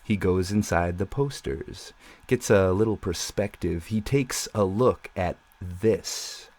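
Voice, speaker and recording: A man, the author, reading his science fiction novel aloud as an audiobook in a measured, dramatic way. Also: low-pitched, darkish tone, no room sound. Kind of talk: scripted novel narration.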